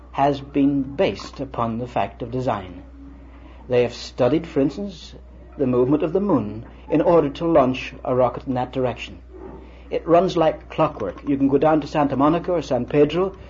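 A man's voice: medium pitch, darkish tone. Older man preaching on a dull old tape. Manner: storytelling, conversational, quotes others in dialogue. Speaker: preacher lecturing. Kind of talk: lecture-style sermon with anecdotes. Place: lecture hall with students. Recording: dull lo-fi vintage recording with faint hiss.

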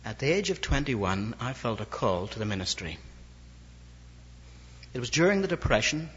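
During a sermon, an older evangelist from Ireland shares a wry, anecdotal story, his inflection lively. The man's voice is mid-range at a normal speed, with slight background noise, and the recording is dull and lo-fi with a long hall reverb.

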